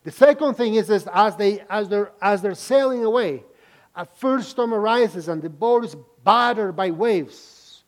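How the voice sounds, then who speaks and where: A man's voice: sits high, measured pace. A man preaching a sermon, reading scripture and explaining it to listeners with frequent questions and restarts. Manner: repeats words and restarts phrases.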